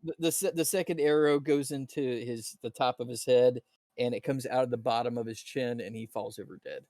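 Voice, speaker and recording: Man, dungeon master, tabletop game narration, halting with fillers, dry close sound. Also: medium pitch, steady tone, dark tone, dry recording. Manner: descriptive, halting with fillers and restarts.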